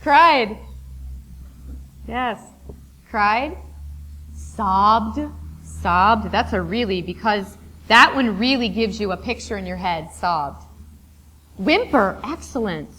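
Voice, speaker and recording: A woman's voice: medium pitch, lively intonation, pushed and bright, a little hiss or hum. A woman teaching a workshop in a classroom, encouraging and often praising answers, sometimes reeling off long word lists. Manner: lists words rapidly. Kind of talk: interactive classroom lesson. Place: classroom with a board.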